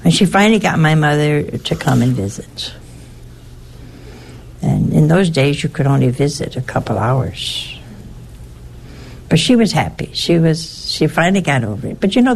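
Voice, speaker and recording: An older woman, a nun, telling a personal story in a halting way, repeating words and adding chatty asides. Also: low-pitched, animated, creaky, slight background noise.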